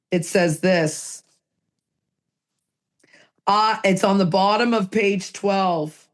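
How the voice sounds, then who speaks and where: Woman podcast co-host, earnest and emphatic, mid-pitched voice. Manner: earnest, emphatic, repeats phrases for effect. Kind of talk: casual recovery podcast talk.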